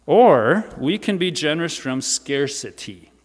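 A man's voice: a little high, expressive, unhurried. Man preaching a casual sermon, church reverb. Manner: conversational, informal asides.

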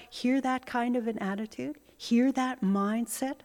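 A woman's voice: fairly high pitch, fairly even intonation, a little slow, few pauses, a little mellow. A woman preaching a sermon in a reflective, self-searching, conversational way. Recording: long hall reverb.

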